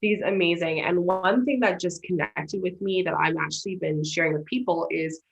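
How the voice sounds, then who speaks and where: A woman hosts a casual chat over a video call, her low voice full of vocal fry. She sounds encouraging and upbeat as she passes on advice. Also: normal speed, highs cut off. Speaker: host.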